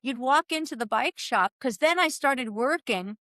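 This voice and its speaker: A woman in her sixties from the US East Coast, telling animated stories as a guest in a casual chat and laughing often. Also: sits high, normal speed, no room sound, clean studio sound.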